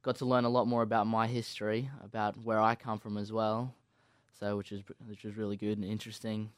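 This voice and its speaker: A man's voice: on the low side, completely flat delivery, brisk, clean tone, no room sound, clean studio sound. A young Australian man interviewed as a guest, polite and agreeable, answering with many yeps. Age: young adult. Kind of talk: casual interview.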